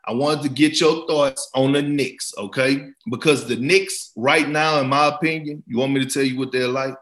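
A man's voice: mid-range voice, steady tone, normal speed, a bit bright. A man hosting a sports podcast in a playful, joking, casual way. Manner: playful, joking, laughs often. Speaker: podcast host, former player.

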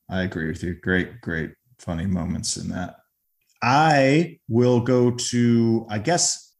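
A man with a slightly low voice talks through a favorite film scene on a podcast. He chats casually, retelling the plot and slipping into quick impressions of the characters' lines. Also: darkish tone. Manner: recounts scenes, briefly acting out lines. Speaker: podcast co-host. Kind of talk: casual movie discussion.

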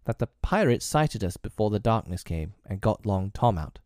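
A man's voice: fairly low pitch, sing-song, moderate pace, darkish tone, dry recording, studio quality. A man reading aloud, voicing a proud, commanding boy leader with a clipped, lofty manner.

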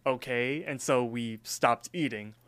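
A man co-hosting a podcast, telling stories in an animated way and swearing casually. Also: medium pitch, measured pace, smooth. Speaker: podcast co-host. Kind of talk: casual chat.

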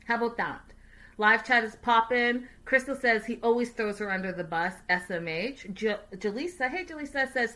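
A woman hosting a casual livestream recap, chatty, animated and sassy. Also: on the high side, moderate pace. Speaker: host.

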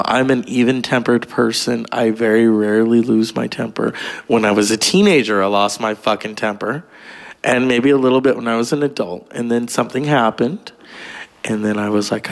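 A man's voice: mid-range voice, fairly even intonation, normal speed, creaky. A man talking in a rambling, gossipy monologue, full of profanity and digressions. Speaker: vlogger.

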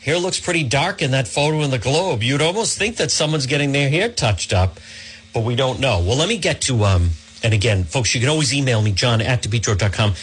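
A man's voice: medium pitch, animated, fairly quick, a bit bright, slightly rough. A man hosting a talk radio show from a studio, rambling in a chatty way and often calling his listeners "folks.".

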